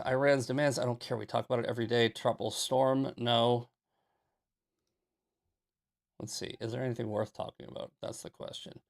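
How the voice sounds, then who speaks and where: A man hosting a live political commentary show, talking emphatically, repeating himself and reading from the chat with sarcastic asides. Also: mid-range voice. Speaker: livestream political show host.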